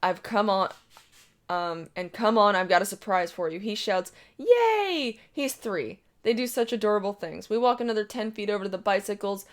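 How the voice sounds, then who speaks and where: A woman reads an internet story aloud with brash, profane storytelling. Her pitch is average for a woman and her delivery is plain and direct. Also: fairly even intonation, brisk. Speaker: story reader. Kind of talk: reading an online story aloud.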